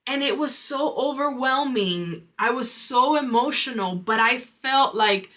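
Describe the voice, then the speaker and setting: Bright-voiced woman telling her story. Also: a little high, normal speed. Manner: candid, reflective, many "like" fillers. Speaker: podcast host. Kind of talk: personal storytelling monologue.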